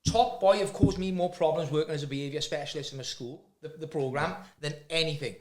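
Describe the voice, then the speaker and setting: A Welsh man talks quickly in a slightly higher voice, telling animated stories in casual podcast chat. His voice bounces around an echoey room. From Wales. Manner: animated storytelling, swearing freely. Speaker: podcast host.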